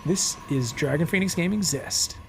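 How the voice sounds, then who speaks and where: Australian male caster with an excitable, foul-mouthed, joking delivery over light background music. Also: a little high, normal speed, vocal fry. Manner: excitable, swears freely, joking asides. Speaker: esports caster. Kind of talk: solo game commentary.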